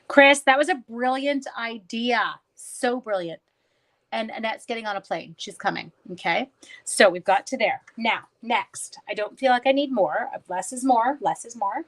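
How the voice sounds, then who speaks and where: A woman's voice: on the high side, a little slow, fairly bright tone. This is a middle-aged woman from Canada talking casually through a live crafting stream. She is chatty and pokes fun at herself. She keeps greeting and answering viewers by name while she works on a card. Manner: chatty, self-mocking, talks to viewers by name while working. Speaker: papercraft demonstrator live-streaming.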